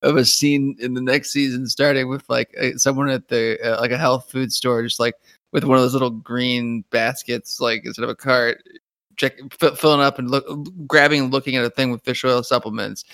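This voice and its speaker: A man's voice: mid-range voice, level tone, fairly quick, a bit bright, no echo. A man with a mid-range voice chats on a podcast. He rambles, restarts phrases and laughs as he builds a joke. His voice sounds dry and close. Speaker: podcast co-host. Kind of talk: casual chat.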